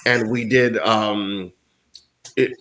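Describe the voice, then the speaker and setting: A man from the United States, guesting in a casual chat, speaks bluntly and rants with lots of swearing. His voice is fairly low and steady, very slow, with a fairly bright tone.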